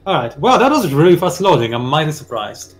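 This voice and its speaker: A man's voice: a little high, big pitch swings, fairly quick, faint music behind. A man hosting a strategy game session, talking casually and playfully while explaining the game as he plays. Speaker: host and player. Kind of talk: casual gameplay commentary.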